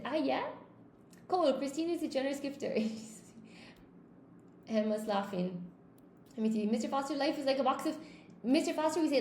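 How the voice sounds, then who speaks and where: A woman in her thirties chats as an English teacher on a casual livestream, reading out comments and checking in with "you know?". Her voice sits fairly high for a woman. The room is echoey, with a faint hum behind her. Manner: chatty, animated, often asks "you know?". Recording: roomy echo, faint background hum.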